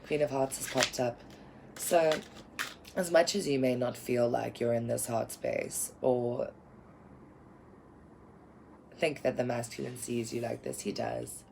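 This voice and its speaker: Woman tarot reader, earnest and rambling, gravelly fry, faint hiss behind. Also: extremely low pitch, fairly even intonation, a little slow, long pauses, a little mellow, low-quality recording. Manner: rambling, earnest, lots of fillers. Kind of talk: spiritual tarot reading to camera.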